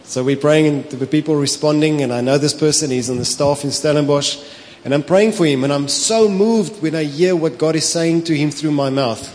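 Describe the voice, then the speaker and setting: A pastor with a South African accent, preaching a sermon, telling stories with animation, slipping into Afrikaans and laughing often. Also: male voice, a little high, moderate pace, few pauses, a little mellow, slight background noise. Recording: long hall reverb with faint ambience.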